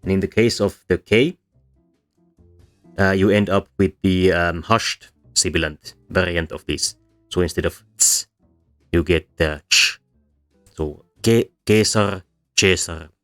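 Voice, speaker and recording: Man, very low voice, teaching in voice-over; hesitant, lots of ums and restarts, soft music underneath. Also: a little slow, long pauses. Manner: hesitant, many fillers and restarts. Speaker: language history explainer. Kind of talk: explanatory voice-over lesson.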